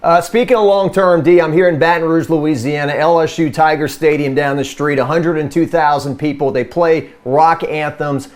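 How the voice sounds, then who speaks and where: A man's voice: a little high, steady tone, moderate pace, few pauses. A male talk show host asking a guest direct, friendly questions in a casual interview.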